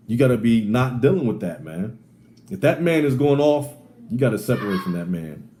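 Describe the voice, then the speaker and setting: A man leading a Bible teaching, talking emphatically and repetitively, calling his listeners "man" again and again, moving between loud sarcastic bursts and low asides. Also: sing-song, normal speed. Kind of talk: street-style Bible teaching.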